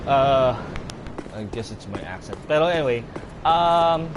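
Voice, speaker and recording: A man's voice: medium pitch, lively intonation, a little slow, heavy background noise. A young Filipino man chatting casually in Filipino-accented speech while live-streaming a game, laughing often. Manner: chatty, switching between English and Tagalog, laughs often.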